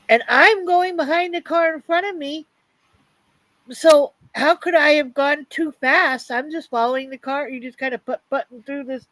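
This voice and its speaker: High-voiced woman telling stories. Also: fairly bright tone, dry recording, rough recording. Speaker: host. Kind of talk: casual chat.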